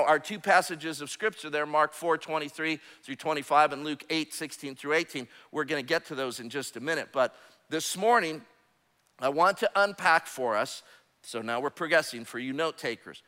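A man's voice: a little high, sharp tone. A man preaching a sermon as pastor, emphatic and calling for amens. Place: church sanctuary. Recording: long hall reverb.

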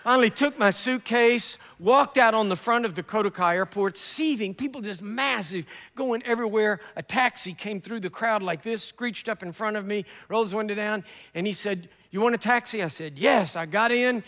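A man's voice: sits high, normal speed, few pauses, a bit bright, long reverb tail. A man preaching a sermon, telling a story and acting out the dialogue.

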